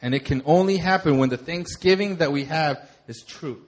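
A young man preaching, his voice sitting a little higher than most men's. He speaks conversationally, moving from quiet, earnest reflection into lively, laughing stories. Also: moderate pace. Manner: conversational, animated storytelling with laughter. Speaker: pastor. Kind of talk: sermon.

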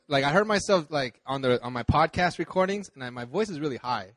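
A man preaching a relaxed, chatty sermon, telling a vacation story with laughs, fillers and restarts. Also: fairly high pitch, quick pace, few pauses. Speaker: pastor. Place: church service.

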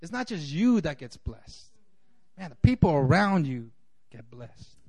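A man's voice: a little high, sing-song, unhurried, a little mellow. A man preaching a sermon as pastor, in a conversational way full of "you know", acting out the voices he quotes.

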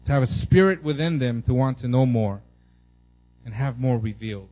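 On a lo-fi recording, a man in his thirties speaks in a mid-range voice at normal speed. He's a pastor giving a chatty sermon, telling family stories with animated flair, frequently asking "right?", and imitating his son's excited squeals.

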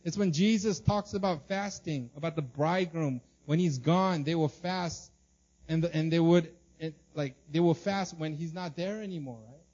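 A male pastor preaching an animated sermon, acting out the people in the story and often repeating and restarting his words. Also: fairly high pitch, normal speed, muffled recording.

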